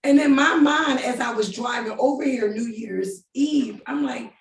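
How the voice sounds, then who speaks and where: A middle-aged woman telling her story in a casual, animated way, often laughing and acting out what people said. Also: a little high, unhurried, gravelly, echoey room, far from the mic. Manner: animated, laughing, quoting others in voices.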